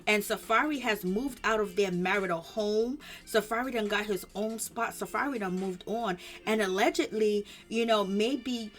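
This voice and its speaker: A woman's voice: medium pitch, moderate pace, hardly any pauses. A woman giving casual celebrity gossip commentary, retelling the drama with emphatic repetition.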